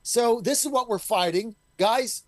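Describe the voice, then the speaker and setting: A man's voice: very high-pitched, a little slow, no room sound. A middle-aged man, a state legislator guest on a talk radio show, speaking in an emphatic, combative way. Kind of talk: call-in talk radio interview.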